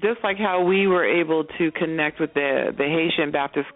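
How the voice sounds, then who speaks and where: A woman's voice: low-pitched, moderate pace. Earnest woman guest on a phone line. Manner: earnest, fervent, restarting sentences. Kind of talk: casual call-in interview.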